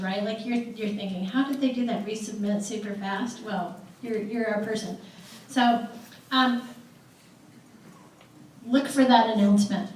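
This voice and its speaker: A woman leading an association, giving a casual and enthusiastic talk at a convention. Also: on the high side. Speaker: association leader presenting at a convention. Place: large convention hall. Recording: echoey hall from far off, faint noise.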